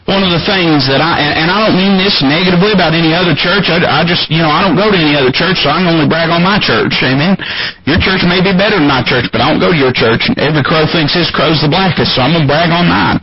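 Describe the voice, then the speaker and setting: A man preaching a sermon as pastor, emphatic and climbing higher in pitch to drive points home. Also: fast, a crowd in the background. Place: church sanctuary. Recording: muffled lo-fi church recording with congregation.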